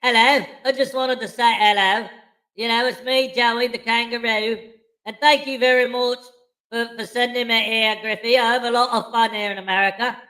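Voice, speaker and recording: A man voicing a chummy male kangaroo with a high, bright put-on voice. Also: fairly even intonation, normal speed, rough recording. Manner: chummy, rambling. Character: cheeky male kangaroo with mock Aussie slang.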